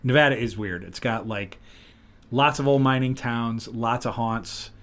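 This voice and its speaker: Man, podcast host, casual chat, animated retellings, mid pitch. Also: a little slow. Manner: animated storyteller, lively retellings.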